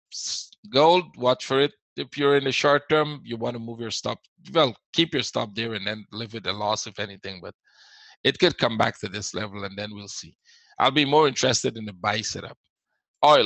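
A man's voice: medium pitch, creaky, sharp tone, no echo, low-quality recording. A man teaching a live trading webinar, repeating his points and answering viewers as he goes. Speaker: forex trading instructor.

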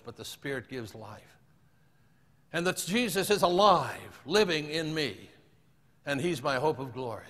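A man preaching a sermon in an earnest way, often dropping his voice low and quiet when he quotes scripture. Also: in a large hall.

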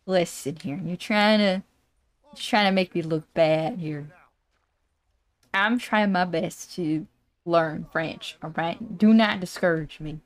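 A woman's voice: fairly low pitch, slow. A woman streamer chatting playfully and giggling through a casual gaming stream.

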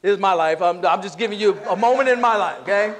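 A man's voice: high-pitched, fast. A man preaching a sermon as a pastor in a church, talking to the congregation in a conversational way. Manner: conversational, acts out quoted voices.

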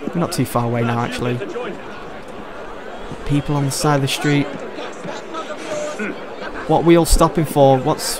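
A man giving casual let's-play commentary, chatting and thinking aloud as he explores. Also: fairly high pitch. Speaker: gameplay commentator.

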